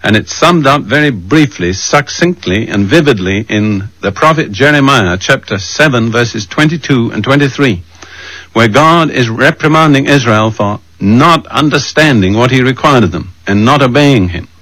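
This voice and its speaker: A man preaching a sermon, measured and emphatic, slowing down to read scripture verses aloud. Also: medium pitch, lively intonation, fairly bright tone, no room sound, rough recording.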